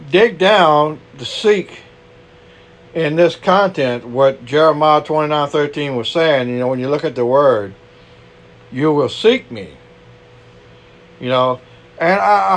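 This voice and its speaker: Cajun preacher with a slightly high voice. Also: male voice. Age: older. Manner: conversational, frequent "you know", rhetorical questions. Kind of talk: sermon.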